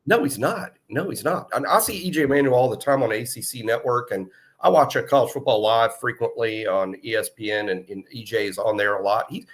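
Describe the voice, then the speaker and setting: A man's voice: mid-range voice, a little fast. A man co-hosting a college football podcast in easygoing, agreeable chat. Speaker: sports podcast co-host. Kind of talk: casual sports chat.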